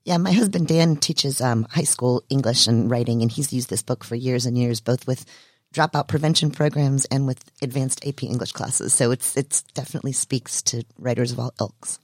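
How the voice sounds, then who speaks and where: A woman's voice: rumbling low, moderate pace, a little mellow, no echo, studio quality. A woman who writes, chatting casually and in a friendly way on a podcast about her editing habits. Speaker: writer and co-host.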